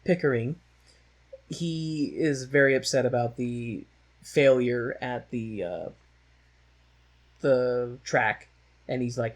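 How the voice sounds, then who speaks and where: A man's voice: mid-range voice, slow pace, pauses often. A man co-hosting a podcast, recapping a musical in a loose, rambling, joking way with many fillers. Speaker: podcast co-host. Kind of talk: casual chat recapping a musical.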